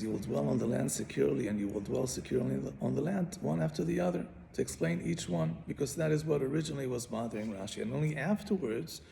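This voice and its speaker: A man's voice: a little high, creaky, mellow. A man teaching a Bible commentary lesson, patiently explaining and often repeating and restarting his phrases. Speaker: Torah teacher.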